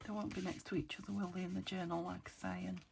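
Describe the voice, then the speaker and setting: A middle-aged woman from the UK talks her way through a crafting session, thinking aloud and often sinking into half-whispers. Her voice is croaky and gravelly, sitting slightly low. A faint noise hangs behind the recording. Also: level tone, quick pace. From United Kingdom. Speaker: crafting channel host. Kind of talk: casual crafting chat.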